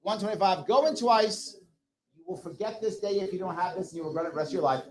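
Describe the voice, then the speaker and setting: A man's voice: high-pitched, fast talker, rough recording. A man running a fundraising auction at a political rally, coaxing bids with jokes. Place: brewery rally. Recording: lively crowd around.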